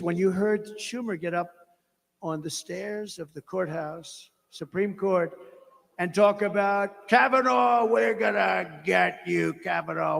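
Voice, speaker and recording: A man giving a rambling, off-the-cuff rally speech as a political candidate, emphatic and mocking, repeating his phrases. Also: a little high. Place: large rally venue. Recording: long-reverb rally PA sound.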